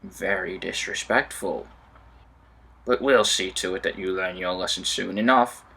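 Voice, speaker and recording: A man doing a gruff scheming toy truck. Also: sharp tone, full character voice. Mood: menacing. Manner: low, menacing, slow.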